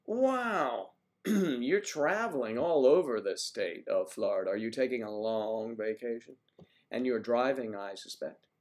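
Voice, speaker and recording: An older man from the East Coast hosts a live stream, chatting in a loose, rambling way. He reads viewer comments aloud and answers them by name. His voice sits at a middle pitch for a man. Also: animated, unhurried, darkish tone. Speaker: livestream host. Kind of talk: casual livestream chat reading viewer comments.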